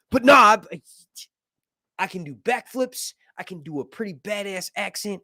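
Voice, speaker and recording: A man's voice: high-pitched, lively intonation, a little slow, pauses often, bright, forceful tone, no room sound, clean studio sound. A man hosting a casual live stream, reading viewer messages aloud and chatting with lots of laughs and energy. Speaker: livestream host.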